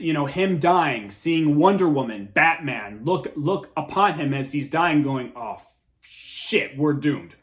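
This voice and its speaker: Excited high-voiced man ranting about a movie. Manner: excited, rambling, restarts a lot. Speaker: host of a movie review show. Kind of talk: casual movie review monologue.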